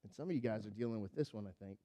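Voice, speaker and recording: A man preaching a sermon, telling a Bible story with lively acted-out voices and then dropping to a quiet, earnest tone. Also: on the low side, rapid-fire. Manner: animated storytelling, acting out the characters with big swings in loudness; drops to a quiet, earnest tone when applying the lesson. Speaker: pastor.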